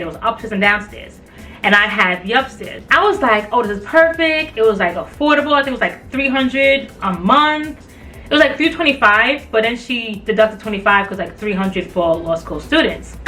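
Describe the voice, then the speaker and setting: Bright, animated young woman telling a story. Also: mid-range voice. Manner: animated, acts out quoted voices, many filler likes. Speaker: vlogger. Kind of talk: casual storytelling. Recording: voice a bit far from the mic, faint music behind.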